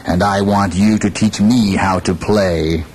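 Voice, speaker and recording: A huge, ferocious jaguar from a storybook tale, gruff and low, drawing out his demands slowly and bossily, voiced by a male storyteller. A faint rumble sits under the old recording. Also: fairly even intonation, darkish tone, rough recording. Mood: demanding.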